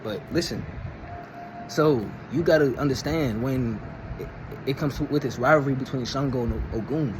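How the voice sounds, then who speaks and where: A man's voice: mid-range voice, moderate pace, noisy background. A young man retelling a myth in a casual, rambling, slangy way. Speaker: storyteller. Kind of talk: casual storytelling.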